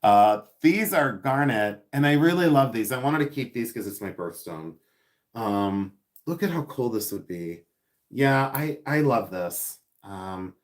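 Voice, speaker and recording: A man running a casual live stream as he unboxes items. He chats loosely and giggles a lot, answering his viewers as he goes. His voice sits at an ordinary middle pitch for a man. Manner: chatty and giggly, reading viewer comments aloud; playful, repeats words for fun. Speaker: live-stream seller and host.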